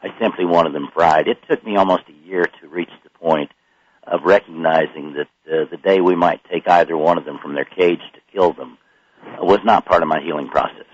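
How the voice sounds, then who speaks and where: An older man with a very low voice talks as a radio guest, halting and filling gaps with hesitations. The sound is dry and a little muffled, like an older radio recording. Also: no room sound. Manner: halting, many pauses and fillers. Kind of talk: radio interview.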